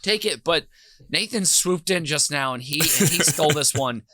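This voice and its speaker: A man hosting a casual comedy game show, teasing the contestants with quick banter. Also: a little high, expressive, bright, forceful tone, no echo, studio quality.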